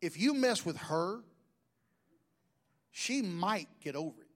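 A man's voice: high-pitched, animated, slow pace. A middle-aged man, preaching a sermon in a folksy, joking storytelling way. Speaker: pastor.

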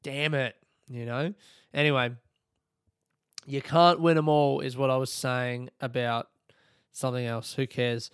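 A man's voice: medium pitch, fairly even intonation, unhurried, long pauses, clean tone, dry recording, studio quality. Laid-back sweary Australian young man. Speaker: podcast host. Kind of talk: casual solo podcast chat.

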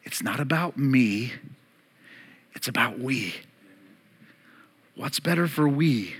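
A man in his thirties preaching a sermon to his church, emphatic, rising loud and high and then dropping soft and low, and calling on the congregation to repeat words. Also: expressive, takes it slowly, breathy edge. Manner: emphatic, climbs louder and higher, then drops to soft and low. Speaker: pastor.

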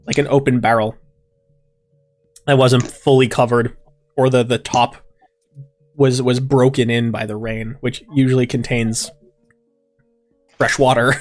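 A man narrating a tabletop game as game master in a relaxed way with many fillers. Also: medium pitch, unhurried, pauses often, soft background music.

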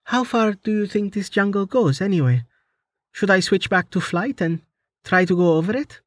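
A man's voice: high voice, lively intonation, moderate pace, a bit bright, no echo, voice pushed up. A man voicing a practical young woman mage in a raised, dry, matter-of-fact voice.

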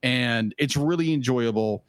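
A man's voice: mid-range voice, unhurried, clear, resonant tone, no echo. A man co-hosting a podcast in casual chat, easygoing, often repeating himself. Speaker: podcast co-host.

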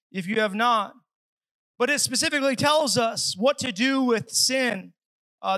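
At a church service, a man with a very high, bright voice preaches a sermon, earnest and dramatic, slipping into pleading voices. The rough recording is dry and close, with no room sound.

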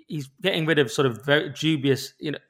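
A man's voice: a little high, fast talker, a bit bright. A man co-hosting a podcast, talking casually and giving his opinions. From England. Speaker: podcast co-host. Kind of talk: casual chat.

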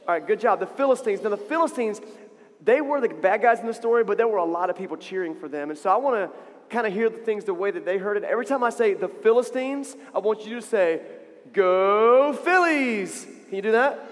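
Animated man telling a story in a hall. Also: high voice, fast talker. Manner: animated, playful, call-and-response. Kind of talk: interactive storytelling to a young audience. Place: church stage with big speakers. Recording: reverberant hall over loudspeakers.

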